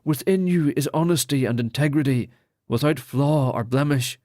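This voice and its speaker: A man's voice: fairly high pitch, moderate pace, a little mellow, no echo, studio quality, natural voice. A man voicing a solemn male lord who speaks formally while ordaining priests. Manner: formal ceremonial speech.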